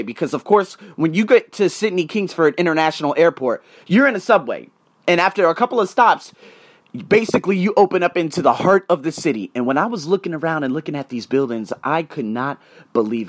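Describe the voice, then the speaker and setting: A podcast host with a voice on the high side shares personal stories in a casual, motivational monologue, swinging between loud emphasis and quiet asides.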